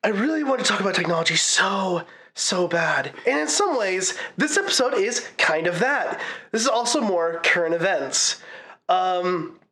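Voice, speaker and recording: A man's voice: high-pitched, animated, normal speed, pushed and bright. A man co-hosting a podcast in casual chat, explaining in a rambling, hesitant way with many fillers. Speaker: podcast co-host.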